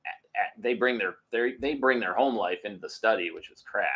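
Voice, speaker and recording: A man in his thirties co-hosting a podcast in casual recap chat. He is animated, swears freely and drifts into tangents. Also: lowish voice, fairly quick. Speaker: podcast co-host.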